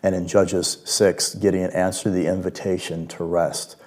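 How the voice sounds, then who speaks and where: Man, low and warm, worship leader giving a gentle devotional talk. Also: level tone, unhurried. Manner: gentle, reflective, with hushed quiet passages.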